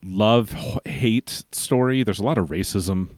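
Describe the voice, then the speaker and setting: A man's voice: on the low side, a little slow, a little mellow, no echo. A man co-hosting a podcast, chatting casually and recapping with a dry, joking edge. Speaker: podcast co-host. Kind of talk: casual chat.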